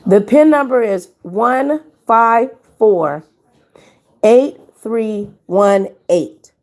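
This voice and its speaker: A woman hosting a casual live stream, chatting with her viewers as "y'all" and reading numbers out slowly. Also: fairly high pitch, animated, darkish tone.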